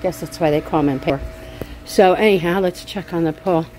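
A woman's voice: lowish voice, fairly quick, a little mellow, faint music behind. A middle-aged woman vlogging from her backyard garden on a handheld phone, talking bluntly and swearing while she vents. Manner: blunt and profane, venting angrily. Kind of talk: casual gardening vlog. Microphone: handheld phone camera.

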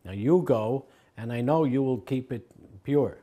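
A man's voice: mid-range voice, unhurried, dark tone. An older man recalling his teacher in an interview, telling anecdotes and acting out the quoted voices with a chuckle.

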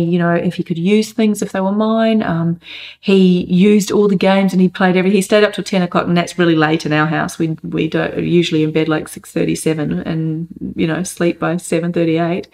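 A woman and mother giving an earnest, thoughtful update on family life, pausing often as she gathers her thoughts. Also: on the low side, a little mellow. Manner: earnest, thoughtful, hesitant with many pauses. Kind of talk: reflective personal update.

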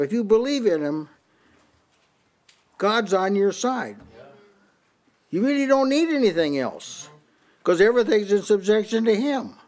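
This older man's sermon in a small house church has him reading and comparing Bible passages across many translations. His voice is high-pitched with a darkish tone, and he keeps restarting, repeating his words.

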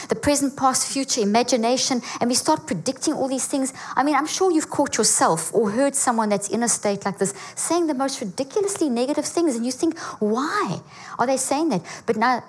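A woman giving an energetic teaching talk to a church audience, often checking in with her listeners. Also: a little high. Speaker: guest speaker. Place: church auditorium.

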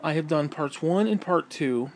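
A man's voice: fairly high pitch, moderate pace, darkish tone, slight background noise. A man lying in bed, telling rambling, profanity-laced stories in a casual vlog and laughing at his own tales. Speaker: vlogger and self-published author.

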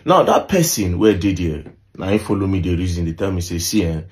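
A man's voice: sits low, big pitch swings, fairly quick. A young adult man with a Nigerian accent telling a story in casual talk, mixing Pidgin and English and often asking "you understand?". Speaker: social media commentator.

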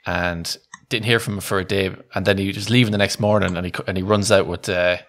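A man's voice: low voice, steady tone, fast talker, a bit bright. A man co-hosting a podcast, telling a long anecdote in a casual, rambling way, often restarting sentences and laughing. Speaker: podcast co-host.

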